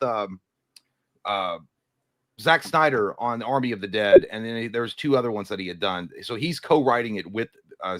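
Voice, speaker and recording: A man's voice: fairly low pitch, fairly bright tone, no echo, studio quality. A man co-hosting a live movie news stream, casually chatting and reading viewer comments, rambling and restarting his sentences, a little hungover. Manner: rambling, trails off and restarts, crude jokes.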